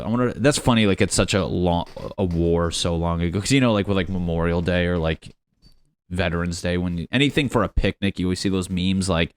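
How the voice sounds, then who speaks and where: A young man with a notably deep voice hosts a solo comedy podcast. His talk is crude and sarcastic, full of self-mockery. The recording is dry and close, with no room sound. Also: dry recording. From United States. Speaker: podcast host.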